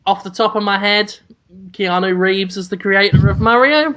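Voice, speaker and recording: A man co-hosting a casual comedy podcast, listing absurd complaints in a deadpan, mock-serious way. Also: sits high, normal speed. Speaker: podcast co-host.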